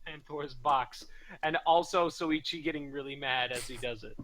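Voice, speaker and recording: A man's voice: fairly high pitch, moderate pace, a bit bright, a little hiss or hum, low-quality recording. A man chatting casually on a stream, rambling with stumbling restarts and swearing. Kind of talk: casual group chat.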